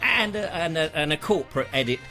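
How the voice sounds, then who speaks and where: A man's voice: a little high, expressive, brisk, sharp tone, faint music behind. A man hosting a live online show, chatting in a playful, jokey, theatrical way. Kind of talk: casual live-stream chat.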